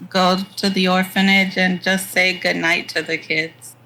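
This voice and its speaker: High gravelly-voiced guy playing a tabletop rpg, quiet and hesitant. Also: little pitch movement, a little slow, slight background noise, rough recording. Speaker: player. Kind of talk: casual tabletop play.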